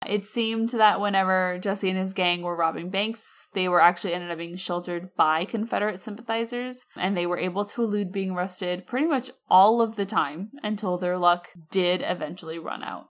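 A woman's voice: lowish voice, moderate pace, few pauses. A woman co-hosting a podcast, telling a history story in a casual, slangy way with chatty asides. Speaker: podcast co-host.

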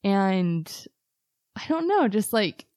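A woman co-hosting a casual podcast, talking in a relaxed way with many fillers and frequent laughs. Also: mid-range voice, takes it slowly, dry recording, clean studio sound. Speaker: podcast co-host, esthetician.

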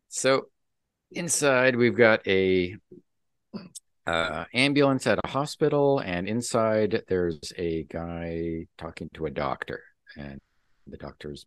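A man's voice: deep voice, lively intonation, unhurried, no room sound, studio quality. A man hosting a podcast, casually recapping a comic book and acting out its dialogue. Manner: recaps the plot and acts out the dialogue. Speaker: podcast host.

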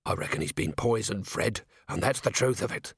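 A man's voice: fairly low pitch, lively intonation, moderate pace, slightly rough, dry recording, studio quality, heavily acted. A man reading an audiobook voices a harried middle-aged male watch commander who talks brusquely and practically. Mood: urgent.

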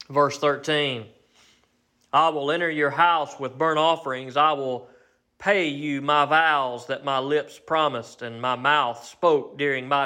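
A man delivering a sermon in a slightly high-pitched voice. He slows down to stress key phrases and builds toward fervent, soaring exhortation. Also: a bit bright. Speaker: preacher.

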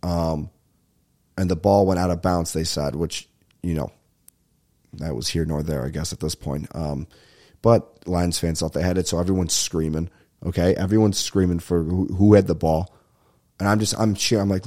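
A young man hosting a casual solo podcast, ranting and telling a story in a profane, rambling, animated way. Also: on the low side. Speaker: podcast host. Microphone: podcast microphone at a desk.

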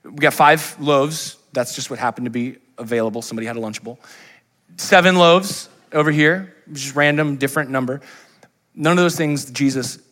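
A man preaching a sermon as pastor, telling Bible stories in a lively, humorous way and acting out the characters. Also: medium pitch, normal speed. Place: church.

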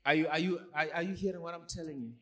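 A man's voice: fairly high pitch, fairly even intonation, very fast. A man preaching a sermon as pastor, pressing the congregation with repeated questions like "are you hearing me". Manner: call-and-response preaching, repeated rhetorical questions.

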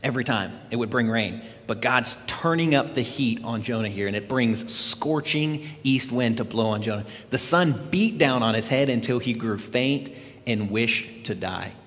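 A man preaching a sermon, retelling a scripture story in an animated storytelling way. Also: mid-range voice, moderate pace, long reverb tail. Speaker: pastor.

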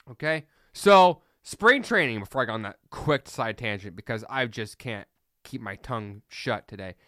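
Podcast host, man, fired-up blunt ranter, smooth higher voice, dry close mic. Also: fairly bright tone, no echo. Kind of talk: opinionated solo podcast rant.

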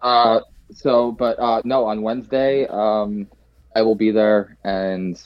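A man co-hosting a casual soccer podcast, animated and ribbing the others. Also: fairly low pitch, slow pace, crowd noise. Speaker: podcast co-host. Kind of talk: casual chat. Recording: dull lo-fi sound.

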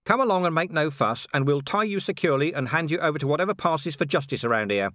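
A man's voice: fairly high pitch, expressive, fast, fairly bright tone, no room sound, voice pushed up. A man voicing a weary, dry-witted middle-aged male watch commander in an audiobook, sardonic and dry.

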